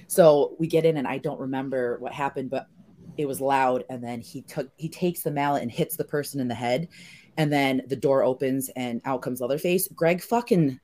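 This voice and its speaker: A woman hosting a casual podcast chat, an animated storyteller who swears freely and acts out quotes. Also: very deep voice, normal speed. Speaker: podcast host.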